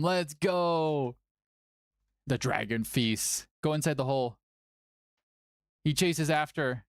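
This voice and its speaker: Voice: mid-range voice, takes it slowly, long pauses, dry recording, clean studio sound. A tournament stream host chatting casually and playfully, often cooing at a cat between updates. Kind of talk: casual livestream chat.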